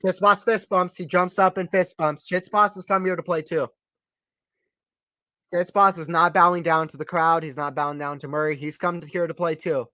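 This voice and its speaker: A fairly high-pitched man calls a tennis match live for his stream, upbeat and chatty. He keeps repeating lines and talks straight to viewers between points. The sound is dry and close. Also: moderate pace, no room sound. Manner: excited, chatty, repeats phrases, reads out chat. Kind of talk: casual play-by-play tennis commentary.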